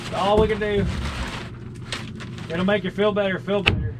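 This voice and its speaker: A man's voice: high-pitched, fairly even intonation, moderate pace. A young man, a carpenter, chatting and cracking jokes while he works, explaining things casually. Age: young adult. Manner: joking, easygoing, explains as he works. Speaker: carpenter and vlog host. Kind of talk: casual on-the-job vlog chat. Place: outdoors on a cold construction site by a river. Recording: outdoor noise, loud work-site ambience.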